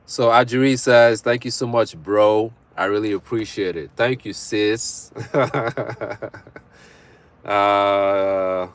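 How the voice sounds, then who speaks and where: A young man hosting a livestream in casual chat, reading viewer comments aloud, bantering and laughing often. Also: on the low side. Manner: laughs often between remarks. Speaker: livestream host.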